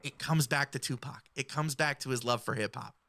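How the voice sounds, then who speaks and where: A woman giving explanatory commentary in a video, speaking in a measured, analytical way. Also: rumbling low, a bit bright. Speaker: music commentator.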